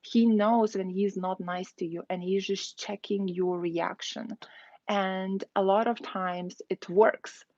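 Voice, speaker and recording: A woman's voice: medium pitch, fairly even intonation, slow pace, a little mellow, dry recording, highs cut off. A woman streaming live, giving blunt dating advice in a chatty, casual way, full of "like" and "you know". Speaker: dating coach. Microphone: phone.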